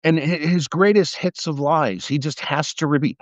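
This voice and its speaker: An older man's slightly high voice stays animated at a normal speed with few pauses as he rants angrily about politics on a livestream. He's foul-mouthed and derisive, stammering into fresh starts when riled. No echo; the stream audio is dull, dry, and lo-fi.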